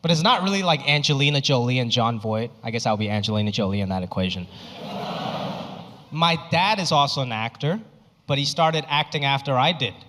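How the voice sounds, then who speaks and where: Man, 30s, from Hong Kong, stand-up comedy, very animated, high bright voice, stage mic, reverberant hall, faint ambience. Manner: animated, exaggerated, quick punchlines. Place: large theater stage.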